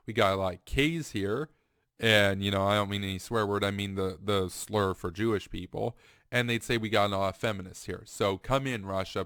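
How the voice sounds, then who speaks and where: A man's voice: fairly low pitch, fairly bright tone, no echo, clean studio sound. A man giving a heated, repetitive political commentary monologue. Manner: emphatic, ranting, repetitive.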